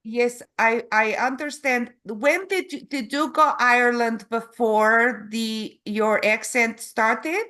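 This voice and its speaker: Lady asking questions, slow, keeps stopping to find words. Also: a little high, fairly even intonation, bright, forceful tone. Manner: halting, searching for words. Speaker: interviewer. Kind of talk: casual interview.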